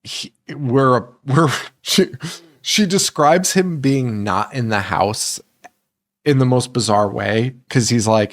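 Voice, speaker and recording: A man's voice: medium pitch, expressive, slow. A man co-hosting a horror movie podcast, talking casually, swearing a lot, laughing often and acting out lines from films. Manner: profane, laughing, acts out movie lines in put-on voices. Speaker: podcast co-host.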